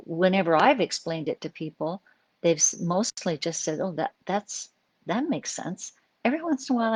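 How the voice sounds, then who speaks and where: A woman's voice: fairly low pitch, dry recording. A middle-aged woman psychologist answering viewer questions on a live stream, chatty and explanatory with many fillers and restarts.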